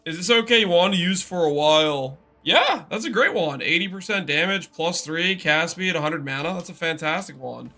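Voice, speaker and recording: Male game streamer, fairly high and very bright tone, chatty live commentary, answers chat as he plays. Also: animated, moderate pace, few pauses, soft background music. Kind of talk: casual live-stream commentary while gaming.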